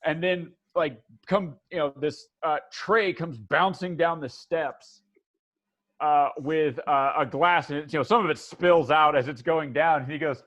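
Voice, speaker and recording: Animated man running a tabletop game. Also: on the high side, measured pace. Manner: animated, laughing, voices NPCs with many restarts. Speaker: game master. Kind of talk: narrating a tabletop game session.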